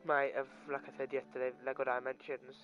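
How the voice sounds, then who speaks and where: A man's voice: mid-range voice, completely flat delivery, quick pace, a bit bright, muffled recording. A man hosting his own gaming channel, chatting casually and rambling off topic while he plays, into his own microphone. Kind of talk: casual gameplay commentary. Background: game music.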